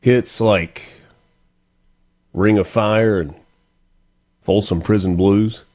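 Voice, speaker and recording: A man's voice: fairly low pitch, fairly even intonation, drawn-out words, darkish tone. A man hosting a morning radio talk show, chatting casually and reading birthdays and sponsor spots. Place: radio studio.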